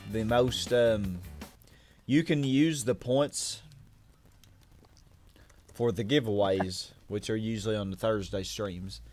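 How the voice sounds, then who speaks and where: A man with a fairly low voice hosts a casual game stream, talking in a loose, rambling way and often restarting his sentences. He greets each viewer by name between races. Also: slow, pauses often, a little mellow, soft background music. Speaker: streamer hosting a game session. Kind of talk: casual gaming stream chat.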